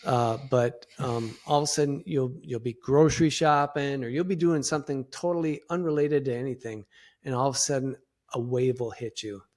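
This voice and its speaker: A middle-aged man, a podcast guest, speaking reflectively in halting sentences with many restarts. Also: medium pitch, steady tone, darkish tone. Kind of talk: conversational interview.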